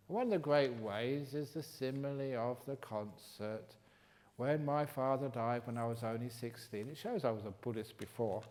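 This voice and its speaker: Genial older English monk giving a talk. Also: male voice, mid-range voice. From England. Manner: humorous, teasing, then gentle and reflective. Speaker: meditation teacher answering questions. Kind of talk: retreat Q&A talk. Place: retreat hall.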